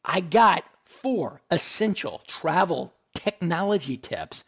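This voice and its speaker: A man's voice: fairly high pitch, big pitch swings, takes it slowly, a bit bright, husky, lo-fi sound. A man from Texas hosting a radio tech talk show, chatty and joking, with lots of fillers and restarts.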